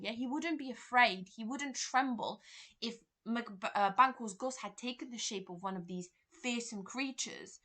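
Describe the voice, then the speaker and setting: Bright-voiced woman teacher. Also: on the high side, moderate pace. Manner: explanatory, paraphrasing quotes with frequent "kind of". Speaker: English teacher and examiner. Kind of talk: revision lesson.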